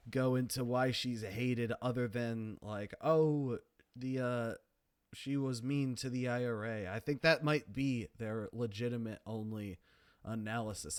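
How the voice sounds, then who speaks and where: A man's voice: fairly low pitch, no room sound, studio quality. A man giving casual, sardonic commentary on a TV episode, with many fillers and restarts. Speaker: video commentator.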